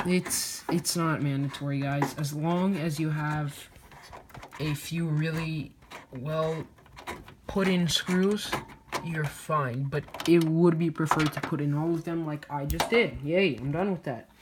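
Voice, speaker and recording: Low-voiced chatty woman. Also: noisy background. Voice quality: slurred speech. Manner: chatty, addresses viewers as guys. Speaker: PC builder vlogger. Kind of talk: casual build walkthrough.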